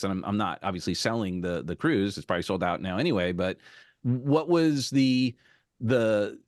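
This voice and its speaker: A man's voice: lowish voice, dry recording, clean studio sound. A man hosting an interview, asking rambling questions that correct themselves along the way. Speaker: interview host. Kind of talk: interview conversation.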